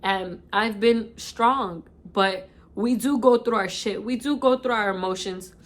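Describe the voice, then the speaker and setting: A woman's voice: medium pitch, a little slow. A woman in her twenties with a New York accent, crying as she talks openly and repeats herself in a casual vlog. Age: 20s. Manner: emotional, repetitive, heartfelt. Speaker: vlogger. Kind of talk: casual chat.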